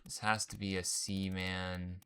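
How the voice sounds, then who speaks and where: A man's voice: low-pitched, little pitch movement, a little slow, bright, forceful tone, a little hiss or hum. A man casually commenting while he plays a puzzle game, thinking aloud and muttering guesses in slangy talk. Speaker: gaming channel host. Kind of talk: casual let's-play commentary.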